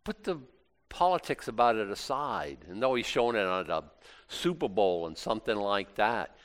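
A man's voice: fairly low pitch, very animated, normal speed. A middle-aged man preaching a casual, conversational sermon, acting out little asides and laughing now and then. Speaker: pastor.

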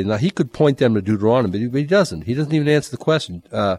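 A man preaching a Bible-teaching sermon, conversational and animated, with dry humor and sudden jumps in pitch. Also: rapid-fire, few pauses, no room sound. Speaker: pastor.

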